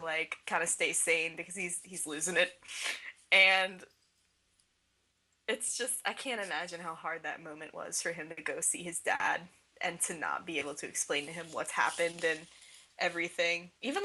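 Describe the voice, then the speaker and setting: Gushing bright-voiced young woman. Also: lowish voice, poor audio. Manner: gushing, emotional, fillers of "like". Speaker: podcast co-host. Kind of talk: casual fan podcast chat.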